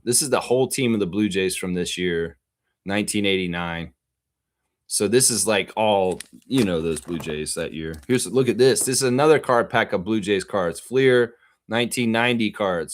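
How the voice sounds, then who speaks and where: A man hosting a casual live stream, excitedly rambling to his viewers as he shows off things. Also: lowish voice. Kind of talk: casual live-stream chat showing off his card collection.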